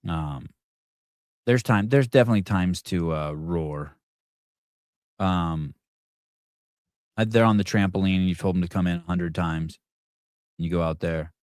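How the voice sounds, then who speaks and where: A middle-aged man with a low voice hosts a casual morning talk show, speaking unhurriedly with long pauses in clean studio sound with no room sound. He rambles and often restarts his sentences while talking with callers, and shouts out quoted yells.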